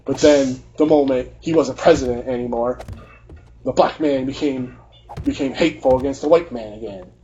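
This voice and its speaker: A man's voice: medium pitch, moderate pace, warm tone, muffled recording, slight background noise. A man hosting a gaming video, ranting in a heated, profane and repetitive way. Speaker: gaming channel host. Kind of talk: heated rant during gameplay commentary.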